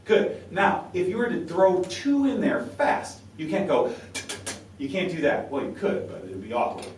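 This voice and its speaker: A man's voice: sits high, sing-song, normal speed, darkish tone. A man coaches a saxophone quartet in a chatty, encouraging way and sounds out syllables for the players. His voice carries the echo of a roomy space and comes from some distance off the mic. A faint ambient hum sits behind him. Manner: talkative, encouraging, demonstrates syllables aloud.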